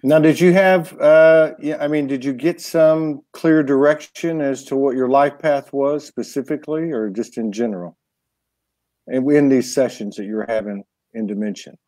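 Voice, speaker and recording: A man's voice: medium pitch, fairly even intonation, normal speed, a little mellow, dry recording. A man interviewing a guest, asking long, searching questions. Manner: asks rambling, searching questions. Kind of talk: interview conversation.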